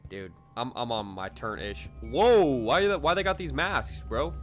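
A young man giving casual gameplay commentary, excitable and swearing a lot as he shouts at the game. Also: mid-range voice, measured pace, soft background music. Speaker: gaming video creator.

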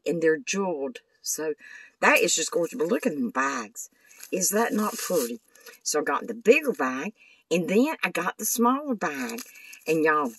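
A woman's voice: sits low, a bit bright, husky, no room sound, recorded from a distance, low-quality recording. An older woman, chatting casually in a craft vlog and gushing over the things she shows. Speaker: craft vlogger. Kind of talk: casual show-and-tell vlog.

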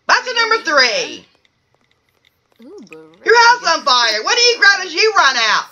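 A woman's voice: extremely high pitch, big pitch swings, unhurried, long pauses, pushed and bright, highs cut off. A woman hosting a mock gameshow, exasperated and playful, often swearing. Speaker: host. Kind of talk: game commentary, mock gameshow host.

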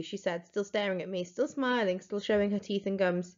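A woman teacher reads a children's storybook aloud with expressive, dramatic storytelling. Her voice sits in a middle range, and the recording sounds dull and lo-fi. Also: mid-range voice, a little fast, few pauses.

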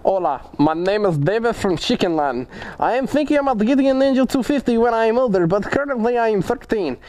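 A man's voice: high-pitched, animated, a little fast, darkish tone, voice pushed up. A man putting on a jokey Russian accent to read out a fan's letter. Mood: goofy. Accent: put-on Russian. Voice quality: exaggerated mock accent. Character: joking male letter-writer in a mock Russian accent.

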